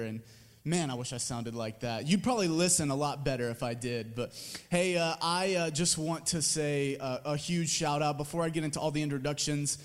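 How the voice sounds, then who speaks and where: A man, a campus pastor, rallies a church crowd with friendly welcomes and announcements, tired after little sleep. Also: fairly high pitch. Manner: energetic, crowd-rallying, friendly with fillers. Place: large auditorium. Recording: long hall reverb.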